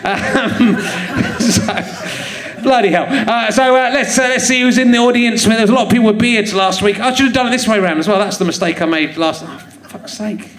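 A man's voice: high-pitched, normal speed, hardly any pauses, a bit bright. A man hosting a live comedy podcast on a theatre stage, joking and teasing the audience and laughing often. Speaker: comedian host. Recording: echoey theatre with crowd laughter.

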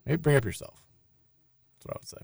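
Male sports radio host, quick delivery and sarcastic edge, close dry studio sound. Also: a little mellow, no room sound. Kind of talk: casual sports talk.

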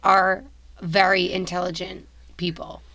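A woman co-hosting a casual podcast, chatty and quick to laugh, full of "like" fillers. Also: lowish voice, flat delivery, pushed and bright, no room sound. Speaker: podcast co-host. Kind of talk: casual chat.

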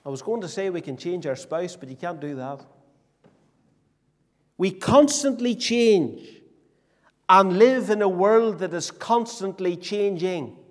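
Slow, high-voiced emphatic preacher man. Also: animated. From Northern Ireland. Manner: emphatic, slow, repetitive preaching with rhetorical questions. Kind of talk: sermon. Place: church hall. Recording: long reverb of a church hall.

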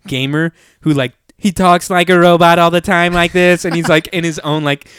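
A man's voice: on the high side, fairly even intonation, moderate pace, fairly bright tone, clean tone, no room sound. A man talks in an easygoing, rambling way on a podcast, swearing casually between stories. His mid-range voice sits close to the mic in a dry, dead-sounding space. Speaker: podcast co-host. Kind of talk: casual chat reacting to a movie trailer.

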